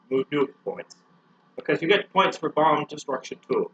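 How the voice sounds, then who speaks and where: A man's voice: fairly high pitch, very animated, measured pace, fairly bright tone, slight background noise. A man commentating a video game as a joke, hamming up a mock Russian accent. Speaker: let's play co-host. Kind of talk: joking gameplay commentary. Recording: dull lo-fi recording.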